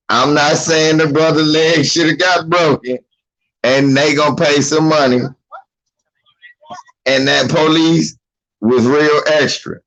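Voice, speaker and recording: Casual male commentator, lively pitch, profane, mimics voices. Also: poor audio. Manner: animated, laughing, mimics voices. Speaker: commentator reacting to a video.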